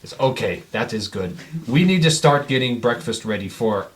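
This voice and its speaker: A man's voice: medium pitch, expressive, normal speed, close to an everyday voice. A man voicing a hulking, jovial male prison cook who speaks in broken, clipped grammar. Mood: gruff.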